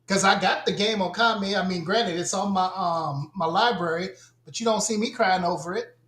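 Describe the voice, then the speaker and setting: A man's voice: high-pitched, moderate pace, a bit bright. Ranting man in an echoey room. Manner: blunt, profane ranting. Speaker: podcast co-host. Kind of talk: casual podcast chat.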